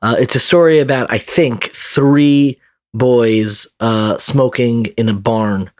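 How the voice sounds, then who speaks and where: A man's voice: medium pitch, steady tone, slow, a little mellow, no echo. Dry-sounding male podcast host. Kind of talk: interview questions.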